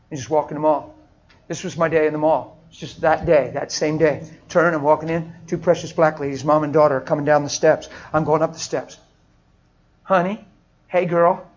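A man preaching a sermon in a storytelling way, swinging from hushed, soft lines to loud, laughing outbursts. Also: a little high, dull audio.

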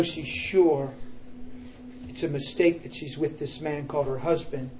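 A man preaching a sermon and telling a story dramatically, swinging between hushed and emphatic. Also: a little high, steady tone, measured pace, dull audio, a little hiss or hum.

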